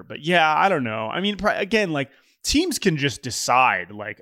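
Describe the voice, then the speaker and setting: A man's voice: a little high, animated, moderate pace, bright, forceful tone, dry recording, clean studio sound. A man co-hosting a baseball podcast in casual chat, joking, reading listener emails, often restarting sentences. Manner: chatty, jokey, many restarts. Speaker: podcast co-host.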